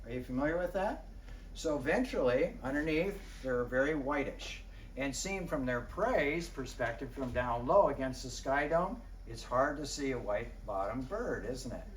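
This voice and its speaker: A man's voice: mid-range voice, expressive, normal speed. Roomy, distant man lecturing an audience. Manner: conversational, quizzes the audience; clears throat often. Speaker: wildlife biologist giving a public talk. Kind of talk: lively illustrated lecture to an audience. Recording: roomy, distant mic, faint background noise.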